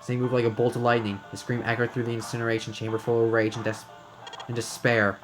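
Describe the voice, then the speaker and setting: A man's voice: mid-range voice, completely flat delivery, quick pace, music in the background. A man reading a visual novel aloud dramatically, now and then stumbling over words. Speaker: game reader and narrator.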